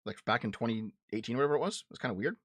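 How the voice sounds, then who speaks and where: A man racing through his words in a mid-range, slightly bright voice with lively intonation hosts a livestream show, with no echo. He responds to chat with casual political commentary, blunt and profane, and restarts and repeats words when heated.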